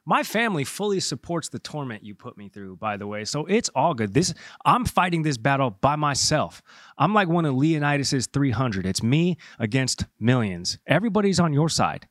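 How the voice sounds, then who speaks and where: Co-host, man, lively jokey delivery, self-mocking banter, dry studio mic. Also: medium pitch, normal speed, no echo. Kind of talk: casual sports talk.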